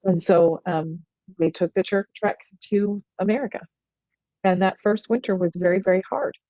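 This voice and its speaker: A middle-aged woman telling a story as a podcast guest, earnest and animated, often restarting her sentences. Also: mid-range voice, normal speed, no room sound. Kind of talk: storytelling in conversation. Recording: dull, lo-fi and dry.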